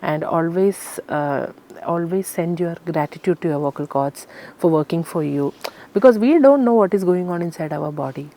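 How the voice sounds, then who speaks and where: Woman, classical singer being interviewed; low-set voice, halting and sincere. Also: mellow. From Kerala, India. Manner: earnest, explanatory, many fillers. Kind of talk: interview answers.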